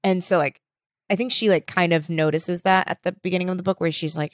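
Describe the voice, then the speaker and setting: A woman chats loosely about books and TV, peppering her talk with "like" and playing out little quotes. Her voice is on the low side, and it is recorded close and dry. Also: fairly even intonation, brisk, no echo. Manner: chatty, uses many "like" fillers, acts out quotes. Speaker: podcast co-host. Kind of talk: casual book chat.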